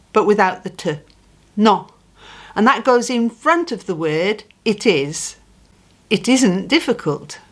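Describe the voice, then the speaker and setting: A woman teaching a beginner language lesson, saying phrases slowly and patiently and repeating them clearly. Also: mid-range voice. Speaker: Spanish teacher.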